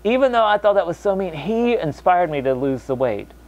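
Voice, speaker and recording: A young American man talking casually to camera, animated, mocking other people's voices when quoting them. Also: high voice, fairly quick. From United States. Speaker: vlogger.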